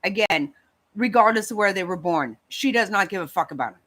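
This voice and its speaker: Profane woman livestream host, heated rant, very lively pitch. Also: a little fast. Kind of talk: angry casual rant to chat.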